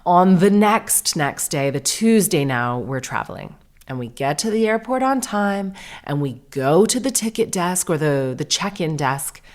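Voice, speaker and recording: A woman's voice: lowish voice, very animated, unhurried. A woman podcast host in her thirties, chatty and self-deprecating, telling a long story and acting out the dialogue. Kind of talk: casual storytelling monologue.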